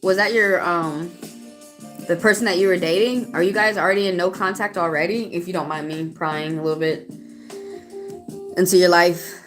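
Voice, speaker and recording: A woman with a Southern US accent and a fairly low voice gives a live-stream tarot reading. She is chatty and outspoken, and she talks straight to her viewers in the chat. Soft music plays faintly behind her. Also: fairly even intonation, moderate pace. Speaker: tarot reader. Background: faint background music.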